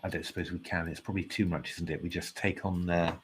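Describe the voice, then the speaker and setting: A man's voice: low voice, flat delivery, quick pace, a little hiss or hum. Tired man thinking aloud over chess. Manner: thinking aloud, hesitant with many fillers, polite and self-deprecating. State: tired, yawning. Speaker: chess commentator. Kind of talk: casual live chess commentary.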